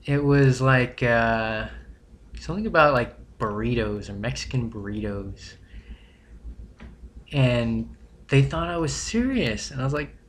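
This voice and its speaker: A young man talking casually to camera, rambling and halting, often correcting his own wording. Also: mid-range voice, animated, slight background noise. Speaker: vlogger.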